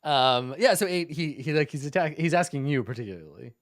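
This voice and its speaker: A man's voice: a little high, animated, fairly quick. A man narrating as game master, hesitant and full of fillers, laughing often.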